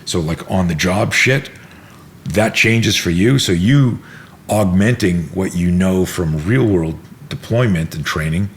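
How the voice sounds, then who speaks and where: A middle-aged man with a very low, deep voice spins a story in a relaxed interview, jumping into other people's voices and swearing freely. A faint room hum sits behind him. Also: measured pace. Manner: animated storyteller, acts out quotes, swears freely. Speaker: self-defense instructor, podcast guest.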